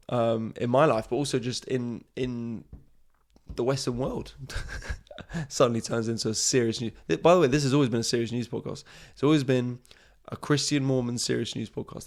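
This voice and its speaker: A man's voice: mid-range voice, normal speed, a little mellow. A man, a comedian and podcast host, rambling sarcastically through a comic monologue, often trailing off.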